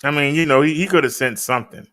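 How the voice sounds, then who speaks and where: A man's voice: a little high, quick pace, a bit bright. A man hosting a casual live stream, chatting with viewers in a laid-back, direct way. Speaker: live-stream host reviewing e-bikes.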